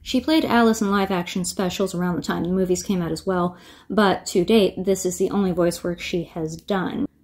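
A woman's voice: fairly low pitch, fairly even intonation, normal speed, darkish tone. A woman hosting her own video, talking to camera in an earnest, musing, chatty way. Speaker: video host. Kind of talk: casual to-camera commentary.

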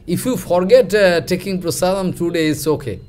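A man, a spiritual teacher, giving a devotional storytelling lecture in animated, halting, broken English with many fillers. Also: high voice.

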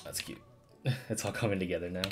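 Low-voiced man casually chatting on stream. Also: quick pace, music in the background. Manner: casual, swears freely, laughs often. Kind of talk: casual gaming commentary.

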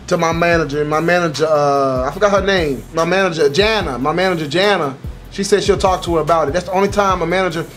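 A young man telling a story about an old job in an animated, profane, exaggerated way for his vlog. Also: high voice. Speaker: YouTuber.

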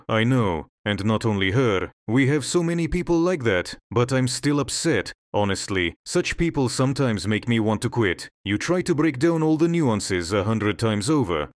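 A man's voice: medium pitch, no room sound, studio quality, natural voice. A man voicing a weary female hospital nurse who vents her frustration. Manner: frustrated venting.

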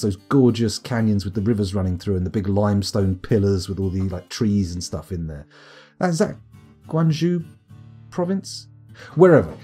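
A man's voice: mid-range voice, dark tone, husky. Rambling sweary man streaming. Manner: rambling, sweary, tangent-prone. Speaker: game streamer. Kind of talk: casual live-stream commentary. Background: faint guitar music.

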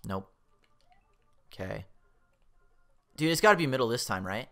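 A young man talking through a retro platformer as he plays, his voice bright and edgy. His pitch leaps around a lot, from low muttering to sudden yelps. He swears freely and talks to the game like a rival. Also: a little slow, vocal fry. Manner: excitable, swears often, yelps when startled. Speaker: let's play host. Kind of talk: casual gameplay commentary.

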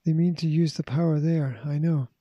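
A man's voice: a little high, steady tone, normal speed, no echo, lo-fi sound, close to an everyday voice. A man reading as a despairing scientist father. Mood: worried. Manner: despairing, earnest. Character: worried scientist father, middle-aged.

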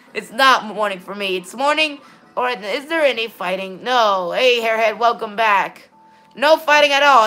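This streamer's voice is mid-range, pushed, and bright as she makes easygoing conversation with her viewers over gameplay. Her speech is full of stammers, fresh starts, and "all right, then."

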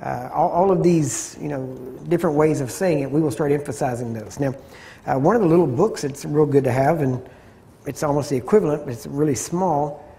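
Mellow-voiced man teaching scripture. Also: fairly high pitch, a little fast. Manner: conversational, repeats phrases for emphasis, clears throat often. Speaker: Bible teacher.

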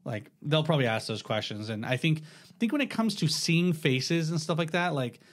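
A man's voice: on the high side, animated, moderate pace. A man hosting a podcast, laid back and chatty, in casual conversation with friends. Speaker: podcast host. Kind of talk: casual chat.

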